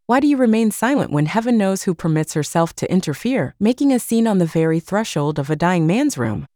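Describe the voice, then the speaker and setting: A woman voicing an excitable, spiteful princess who shrieks and hisses. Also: a little fast, no echo, clean studio sound, lightly acted. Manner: shrill, hissing, vicious.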